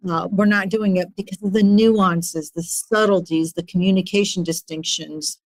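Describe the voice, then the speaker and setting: A woman's voice: fairly low pitch, moderate pace, dry recording. A woman in her forties, an executive coach, telling her story earnestly as a podcast guest. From immigrant to the United States. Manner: earnest, animated when retelling stories.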